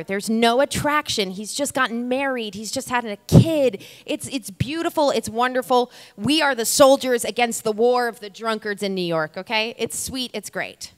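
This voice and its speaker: A woman's voice: a little high, fairly bright tone. A woman in her thirties telling a comic story on stage, chatty and wry, talking straight to the audience. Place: stage before a live audience. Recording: long reverb of a live venue.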